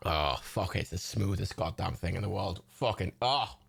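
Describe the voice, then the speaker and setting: A man's voice: low voice, normal speed, vocal fry, fairly bright tone, slight background noise. A young man chatting on a livestream, swearing a lot, rambling and laughing often. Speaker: livestream host. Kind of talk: casual chat.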